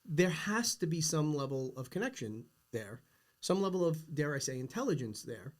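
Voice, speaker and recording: A middle-aged man hosting a podcast, talking earnestly and emphatically in a philosophical, casual conversation. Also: fairly high pitch. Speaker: podcast host.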